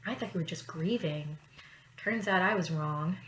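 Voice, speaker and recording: A woman's voice: on the low side, moderate pace, a bit bright, echoey room, slight background noise, close to an everyday voice. A woman voicing a frightened, fed-up middle-aged mother who speaks bluntly. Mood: exasperated.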